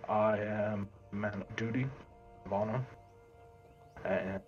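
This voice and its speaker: A man's voice: on the low side, lightly acted. A man playing a stern dutiful lawman. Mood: solemn. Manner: formal, measured, solemn. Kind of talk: tabletop role-play in character. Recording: muffled lo-fi mic, faint music.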